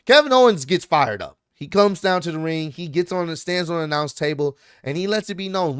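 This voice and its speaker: A man with a fairly high voice talks through a wrestling show in an easygoing, slangy vlog style. He tells it with energy and quick asides. The sound is dry and close, with no room around it. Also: smooth, dry recording. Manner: animated, slangy storytelling. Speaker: wrestling recap vlogger. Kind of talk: casual show recap.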